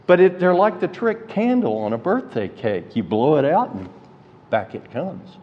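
A man's voice: fairly high pitch, sing-song, normal speed. A man preaching a sermon, teaching through Bible verses and asking rhetorical questions. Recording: dull lo-fi audio with hall reverb.

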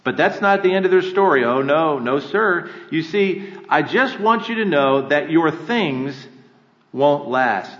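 A man's voice: fairly high pitch, animated, measured pace, a bit bright. A male pastor preaching a sermon with earnest rhetorical questions and emphatic repetition, in a church sanctuary. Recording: echoey hall, dull lo-fi sound.

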